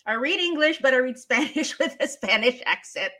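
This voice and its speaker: A woman's voice: high voice, moderate pace. A woman from the Philippines, a former teacher turned voice talent, chatting expressively as a guest in an interview. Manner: animated storyteller, expressive. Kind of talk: casual interview chat.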